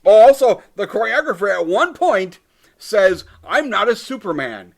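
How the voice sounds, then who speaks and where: A man co-hosting a casual film podcast, animated and profane, often laughing. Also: high-pitched, normal speed, gravelly. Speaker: podcast co-host. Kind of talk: casual film review chat.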